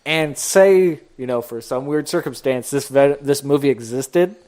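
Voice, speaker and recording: A young man co-hosting a podcast in casual chat, animated and acting out movie scenes as he talks. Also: mid-range voice, unhurried. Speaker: podcast co-host.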